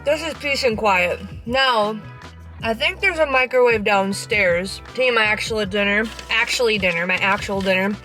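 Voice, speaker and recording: A woman's voice: a little high, fairly bright tone. A young woman vlogging casually from a parked car, talking frankly and cheekily with slang and swearing, sometimes with her mouth full. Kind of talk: casual vlog chat.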